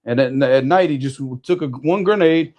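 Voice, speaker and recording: A man telling a story in casual conversation, animated, often restarting his sentences. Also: on the high side, normal speed. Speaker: storyteller guest.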